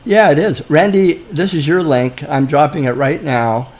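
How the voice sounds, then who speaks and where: A man's voice: fairly high pitch, normal speed, a little mellow, low-quality recording. A man hosting a live online audio room, chatting casually with lots of restarts, stalls and chuckles. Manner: rambling with many restarts and chuckles. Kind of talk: casual chat.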